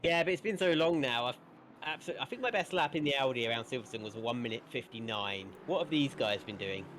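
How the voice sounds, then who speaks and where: A man's voice: mid-range voice, animated, fast, fairly bright tone, slight background noise. A man doing casual, teasing live commentary and banter on a sim race. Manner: playful, teasing, jokey.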